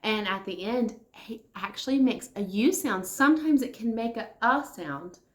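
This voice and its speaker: A woman leading a kindergarten circle time lesson, speaking slowly and encouragingly as she answers imagined children's replies. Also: a little high, animated, echoey room. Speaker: kindergarten teacher.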